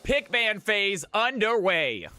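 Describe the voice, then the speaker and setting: A man shoutcasting a live esports match as host, hyping up the game and greeting viewers in chat by name. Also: high-pitched, big pitch swings, slow, clean tone, faint music behind. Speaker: streamer and shoutcaster.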